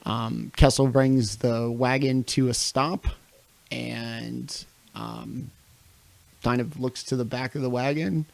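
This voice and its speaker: A game master narrates a tabletop campaign slowly, filling pauses with ums as he sets each scene. His voice has a gravelly edge and sounds dry and close on a home livestream mic. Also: mid-range voice, steady tone, no echo. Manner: slow, with frequent ums and pauses. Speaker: dungeon master.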